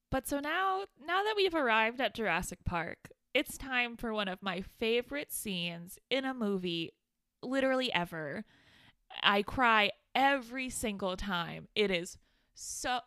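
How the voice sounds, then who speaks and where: A woman co-hosting a podcast in casual chat, gushing and excitable, often laughing as she recounts scenes. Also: medium pitch. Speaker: podcast co-host. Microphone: studio microphone.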